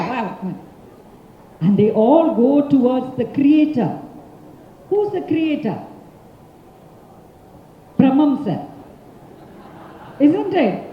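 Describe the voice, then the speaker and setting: A woman with an Indian English accent who tells a story to a large audience in an expressive, interactive way and prompts them for answers. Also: high voice, a little hiss or hum. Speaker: professional storyteller, speaker. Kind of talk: interactive oral storytelling talk. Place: large conference hall. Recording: echoey hall from far off, dull sound.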